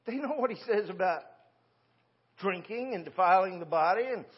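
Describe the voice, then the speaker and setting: In a church sanctuary, a sixty-something pastor delivers a sermon in a high voice over dull audio. He keeps it folksy and chatty, asking one rhetorical question after another.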